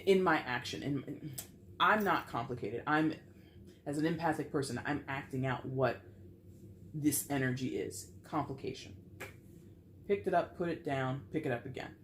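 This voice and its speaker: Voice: medium pitch, a little hiss or hum. Chatty tarot reader, digressive. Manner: chatty and digressive, with playful asides. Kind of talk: casual tarot reading to camera.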